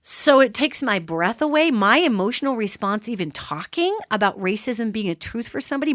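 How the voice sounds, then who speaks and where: This solo radio host speaks on the high side, briskly and with few pauses, over clean studio sound with no echo. She lays out ideas with animated emphasis, chatting directly to her audience as she teaches.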